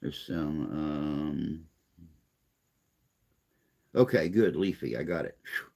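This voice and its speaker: Older male host, very low gravelly voice, slow rambling chat delivery, self-deprecating. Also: expressive, warm tone. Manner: rambling, self-deprecating, reads viewer comments aloud. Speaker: livestream host reading chat. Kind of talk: casual chat.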